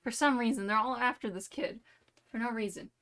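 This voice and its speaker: A woman's voice: fairly high pitch, a little fast, a bit bright. A young woman streamer telling a rambling, playful made-up story full of "like" and "you know".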